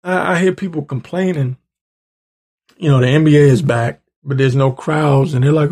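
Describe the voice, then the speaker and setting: A show host delivers a profane political rant to his audience, angry and rising to heated outbursts. His gravelly, husky voice sits slightly higher than most men's, with a darkish tone and a moderate pace.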